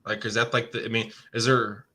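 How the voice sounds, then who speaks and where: A man co-hosting a podcast, talking casually with halting, rambling phrasing. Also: fairly low pitch, little pitch movement, sharp tone. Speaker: podcast co-host, realtor. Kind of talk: casual chat.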